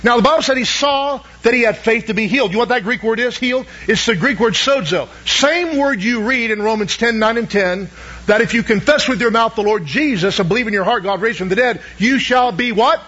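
A man's voice: very high-pitched, a little fast, pushed and bright, dull audio. A man preaching a sermon, asking the congregation questions and pressing each point with emphasis. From Southern United States. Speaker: pastor.

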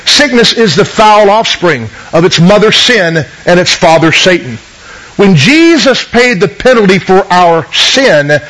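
High-voiced male preacher on radio. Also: a bit bright, rough recording. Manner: earnest teaching, reads scripture aloud and asks the listeners questions. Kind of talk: sermon.

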